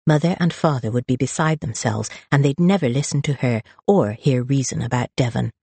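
Expressive audiobook narrator with a husky, breathy tone, dry close sound. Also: medium pitch, a little fast, no room sound. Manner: expressive, lively storytelling. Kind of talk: scripted narration.

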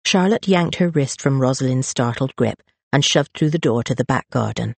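Expressive audiobook narrator with a husky, breathy tone, dry close sound. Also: medium pitch, moderate pace, hardly any pauses, dry recording. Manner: expressive, lively storytelling. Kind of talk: scripted narration.

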